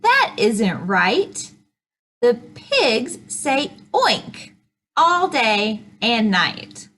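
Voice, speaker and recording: Slow, sing-song breathy storytime woman. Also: fairly high pitch, huge pitch swings, a bit bright. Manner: slow, sing-song reading with animal noises. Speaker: children's librarian. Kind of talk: preschool storytime read-aloud.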